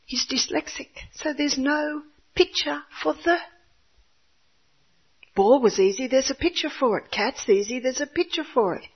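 An older woman, a homeschooling mother, gives an expressive faith testimony about her son. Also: high-pitched, measured pace, breathy edge, highs cut off. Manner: earnest, expressive storyteller. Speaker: homeschooling mother giving a talk.

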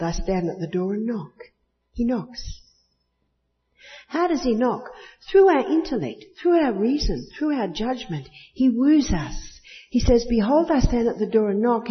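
A woman's voice: fairly high pitch, sing-song, a little slow. Laughing woman preaching in a reverberant hall. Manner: warm, laughing often, emphatic rises on key words. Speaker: speaker at a retreat. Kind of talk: sermon. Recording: muffled recording with long hall reverb.

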